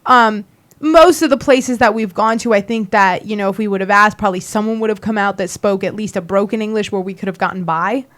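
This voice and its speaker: A woman's voice: medium pitch, a little fast, fairly bright tone. A woman co-hosting a talk radio show, chatting casually and hedging with fillers as she talks.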